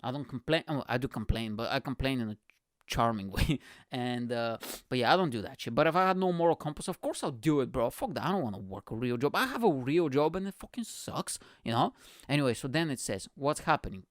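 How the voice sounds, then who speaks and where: A man's voice: mid-range voice, expressive, fairly quick, no echo, studio quality. A male comedian hosting his own podcast, rambling in a casual comic monologue, swearing a lot and tagging lines with bro and you know what I'm saying. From immigrant.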